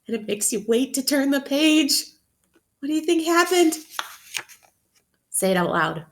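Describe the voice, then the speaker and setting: A woman teacher reading a picture book aloud to children, expressively, pausing to ask them questions. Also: sits high, big pitch swings. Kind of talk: interactive read-aloud for children.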